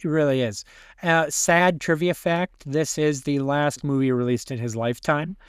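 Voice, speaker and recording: A man co-hosting a podcast in casual movie chat, animated and swearing freely as he talks. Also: a little high, moderate pace, smooth, dry recording, studio quality. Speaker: podcast co-host.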